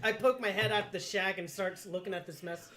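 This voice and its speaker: A man's voice: high voice, steady tone, quick pace, crowd noise, voice pushed down, natural voice. A man voicing an eccentric male scientist in broken English, his put-on Russian accent drifting toward German. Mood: bemused.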